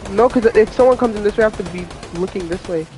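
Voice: mid-range voice, fast, background noise. A gamer chatting casually with a squad, repeating warnings and plans to teammates. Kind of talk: casual gaming chat.

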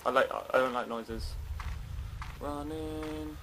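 A man's voice: mid-range voice, lively intonation, slow pace, a little hiss or hum. A young man commentating a horror game as he plays it, jumpy, swearing and talking to himself and the game. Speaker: gaming channel host.

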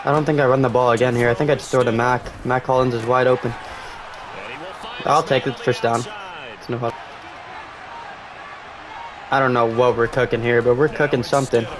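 Young male gamer, excitable, swears freely, game crowd roaring behind. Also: medium pitch, normal speed, long pauses. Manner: excitable, swears, yells at big plays. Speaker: gaming streamer. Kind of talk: live game commentary.

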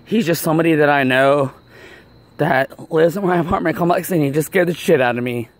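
Male actor for a self-filming vlogger: winded and apologetic, a fairly high voice, outdoors on a handheld camera. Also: a little fast, lightly acted. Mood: flustered. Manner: apologetic, rambling, with many ums. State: out of breath. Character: nervous, out-of-shape man starting a vlog. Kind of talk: film acting as a self-filmed video log. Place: outdoors, walking near an apartment complex.

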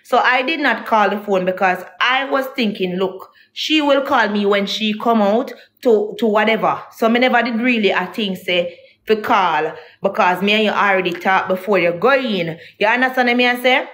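A woman's voice: mid-range voice, normal speed, fairly bright tone. A young woman, telling her viewers a heated, indignant story about a partner, repeating herself as she vents. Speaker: vlogger. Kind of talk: emotional storytime rant to viewers.

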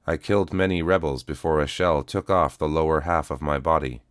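Battered old cyborg, read by a man, flat and calm, very deep, dry close audio. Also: a little fast, no echo. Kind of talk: audiobook reading.

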